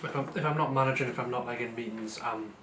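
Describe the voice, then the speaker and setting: A young British man chatting casually with his partner, hesitant and relaxed. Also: mid-range voice, fast, a little hiss or hum. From United Kingdom. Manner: hesitant, relaxed, short replies. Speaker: partner of the vlogger. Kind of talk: casual chat. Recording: roomy sound from a distant mic.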